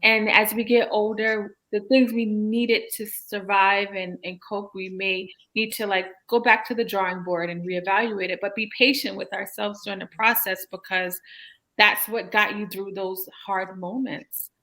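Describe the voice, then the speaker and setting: A woman hosting a podcast, chatting in an animated way with frequent laughs and many fillers. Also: medium pitch, moderate pace. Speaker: podcast host, therapist. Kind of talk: casual interview chat.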